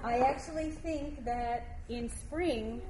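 A woman giving a heartfelt devotional talk, reading scripture aloud slowly and gently. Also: on the high side, slight background noise.

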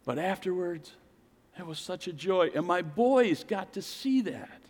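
Middle-aged guy preaching a sermon, kinda high voice for a man, goes big then real hushed, long echo like a church hall. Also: measured pace. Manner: animated, swings from loud to hushed. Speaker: pastor. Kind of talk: sermon storytelling.

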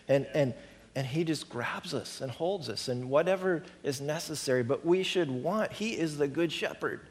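A middle-aged male pastor giving a conversational sermon, repeating words for emphasis and lifting his voice on key points. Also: a little high. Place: church sanctuary.

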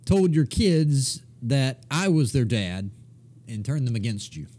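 A man's voice: mid-range voice, sing-song, a little slow, dark tone. A man co-hosting a comedy wrestling podcast, teasing his partner and laying out the game rules. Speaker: podcast co-host. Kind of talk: casual comedic chat.

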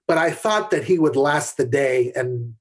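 Husky middle-aged man telling set stories. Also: mid-range voice, lively intonation, unhurried. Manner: candid anecdotal storyteller with frequent restarts. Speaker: podcast guest, camera assistant. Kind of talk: conversational storytelling.

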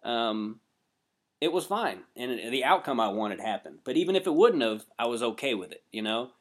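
A man's voice: medium pitch, sing-song, moderate pace. A man speaking in a laid-back, reflective, profane way in a casual podcast chat.

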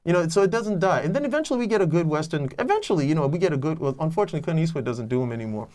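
A man's voice: on the high side, expressive, very fast, a little mellow. A man on a podcast, chatting casually about films in a rambling way with many restarts. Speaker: podcast co-host. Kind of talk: casual film review chat.

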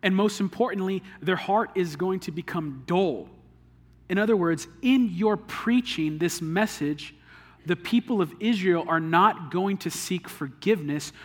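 A man's voice: sits high, fairly bright tone. Earnest male pastor in a reverberant hall. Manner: earnest, conversational preaching with everyday illustrations. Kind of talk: sermon.

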